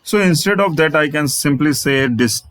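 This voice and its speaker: A man's voice: a little high, animated, moderate pace, fairly bright tone, no echo, poor audio. Man teaching code, repeating himself. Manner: repetitive, restates phrases, spells out letters. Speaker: programming instructor. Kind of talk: screen-share coding tutorial.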